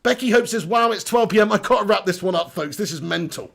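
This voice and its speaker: A man's voice: sits high, fast talker, gravelly, fairly bright tone. A man hosting a live stream, chatting casually and joking while reading out viewer comments. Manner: jokey, reads out chat messages.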